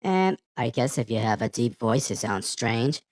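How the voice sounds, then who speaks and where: A man's voice: expressive, a little slow, dry recording, clean studio sound. A man through a female voice changer. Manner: demonstrating, matter-of-fact. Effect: female voice changer pitched up. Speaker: gear reviewer.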